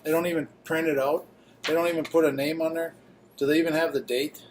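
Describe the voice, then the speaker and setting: A man vlogging at a baseball stadium in a loose, joking way. His voice sits a little high, and he often lets sentences trail off into mumbles. Faint ambient noise hums behind him. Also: level tone, fast talker. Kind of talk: casual travel vlog chat.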